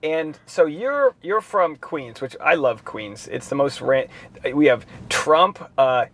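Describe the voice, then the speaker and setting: A man's voice: fairly high pitch, expressive, slow pace, a bit bright, rough recording. A man hosting a casual interview, chatty and joking, asking rambling questions with many restarts. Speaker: host. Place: in a car.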